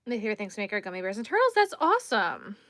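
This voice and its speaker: Tired woman streamer, bright tone, dry close sound, easygoing chat while crocheting. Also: medium pitch, huge pitch swings, racing, dry recording. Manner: chatty, easygoing, responds to viewers while crocheting. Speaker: crochet livestreamer. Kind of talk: casual livestream chat, reading chat comments.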